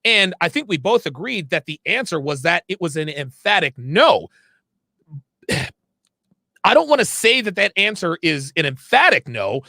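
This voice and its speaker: A man's voice: high-pitched, very animated, moderate pace, creaky, bright, forceful tone, dry recording, clean studio sound. A man hosting a livestream, reading viewer messages aloud and answering them in a blunt, emphatic way, sometimes stopping to fix his own words. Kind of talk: casual livestream talk.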